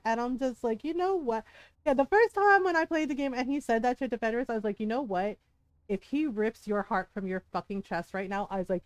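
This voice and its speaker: A woman's voice: sits high, expressive, moderate pace, darkish tone, no room sound. A woman game streamer in casual livestream chat, ranting heatedly, swearing often and breaking into laughs.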